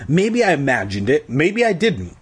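A husky-voiced man reads a kids' story aloud with a lively, swinging delivery. He breaks in with irreverent, crude jokes between passages. The tone stays casual and mocking. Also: fairly high pitch, moderate pace. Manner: irreverent, joking. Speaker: reader. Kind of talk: comedic storybook reading with crude asides.

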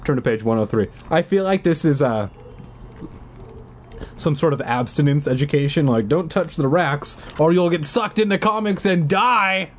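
A man reading a choose-your-path book aloud, animated, with sarcastic asides. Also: on the high side, moderate pace, slight background noise.

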